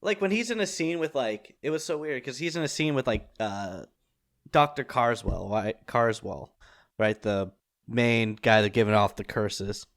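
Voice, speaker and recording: Male podcast host, loose rambling delivery, mid pitch. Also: lively intonation, moderate pace, a bit bright. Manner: rambling, many fillers and restarts. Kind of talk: casual film discussion.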